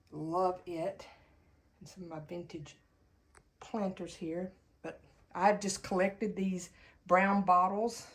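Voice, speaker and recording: A woman with a Southern US accent narrating a casual home decor tour in a chatty, folksy way, filming her living room while staying off camera. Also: on the low side. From Southern United States. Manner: chatty, folksy, laughs easily. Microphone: camera held while filming, speaker off-screen.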